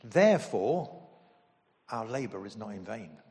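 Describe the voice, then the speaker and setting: Emotional pastor in a reverberant hall. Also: male voice, lowish voice, measured pace. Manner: emotional, animated storytelling with sudden loud bursts. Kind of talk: sermon.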